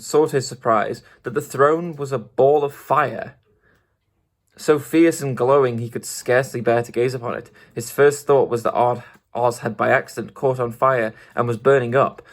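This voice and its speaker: A man reading a classic storybook aloud in a steady way, with small restarts. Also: medium pitch. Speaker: audiobook reader.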